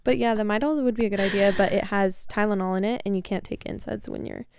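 A woman's voice: medium pitch, steady tone, quick pace, creaky, darkish tone, clear, resonant tone. A woman co-hosting a casual podcast from a bedroom. She is chatty, laughs a lot and likes to tease. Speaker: podcast co-host. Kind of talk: casual chat. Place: bedroom, close to the mic.

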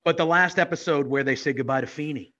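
A man's voice: fairly high pitch, quick pace, sharp tone. Rambling, heartfelt man in lo-fi chat. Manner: rambling, heartfelt, lots of fillers. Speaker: podcast co-host. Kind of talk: casual chat.

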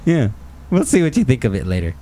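A man's voice: mid-range voice, very animated, fast talker, warm tone. A man hosting a podcast in casual chat, playful and laughing often. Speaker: podcast host.

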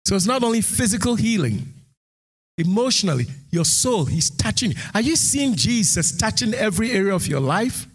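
A man preaching a sermon who reads scripture aloud and builds into shouted, sing-song exhortation. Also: sits high, big pitch swings, moderate pace, husky. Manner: reads scripture aloud, King James phrasing. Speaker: pastor.

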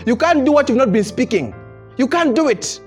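A pastor addresses his congregation in an animated church sermon, punctuating it with frequent chuckles, repeated words, and restarted phrases as he builds his case. His voice is very high-pitched and fairly quick, with soft music in the background.

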